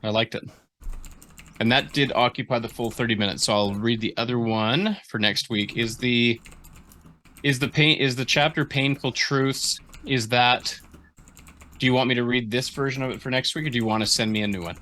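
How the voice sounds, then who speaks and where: A man with a bright, forceful voice talks through notes on a story chapter. He rambles, circles back and restarts his sentences as he works out his thoughts, in an easygoing critique over a call. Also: mid-range voice, normal speed, a little hiss or hum. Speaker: writing mentor giving feedback. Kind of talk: casual critique session.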